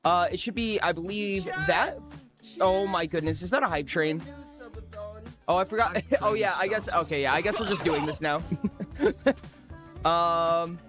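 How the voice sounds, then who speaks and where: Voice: medium pitch, a little slow, pauses often, music in the background. A live streamer chatting casually with viewers, bubbly and rambling, often joking at their own expense. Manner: bubbly, rambling, self-mocking.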